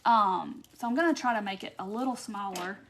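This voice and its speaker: A woman's voice: medium pitch, brisk, a bit bright. A woman hosting a casual live-stream craft demo, chatty and gushing as she reads viewer comments aloud. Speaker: craft tutorial host.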